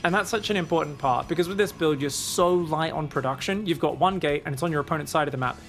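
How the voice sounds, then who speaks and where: A man casting a live esports match, giving energetic play-by-play and often adding "right?" to his points. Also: on the high side, gravelly, slight background noise. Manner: energetic, rapid, with tag questions. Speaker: esports caster.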